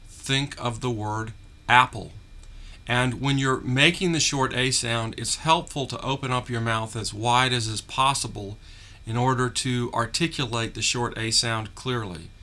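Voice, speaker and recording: A man teaching a phonics lesson, carefully articulating drawn-out vowel and consonant sounds. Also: medium pitch, sharp tone. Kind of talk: slow, deliberate phonics lesson.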